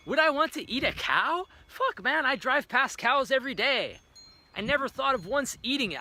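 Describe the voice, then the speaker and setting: A young man ranting to camera about his diet, profane and animated, acting out imagined voices along the way. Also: sits high, a little hiss or hum. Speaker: vlogger. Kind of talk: profane opinion rant to camera.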